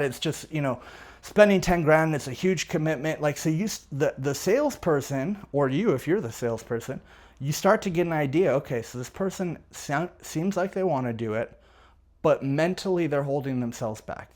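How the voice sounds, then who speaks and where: A man coaching on sales technique in a conversational way, acting out both the buyer and the seller on sales calls. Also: mid-range voice.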